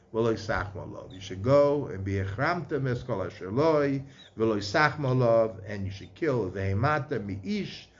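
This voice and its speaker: Man giving a lecture. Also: medium pitch. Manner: mixes Hebrew and Yiddish-inflected terms into English, chanting verses. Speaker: Torah lecturer. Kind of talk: Torah lecture. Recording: slightly muffled with faint background noise.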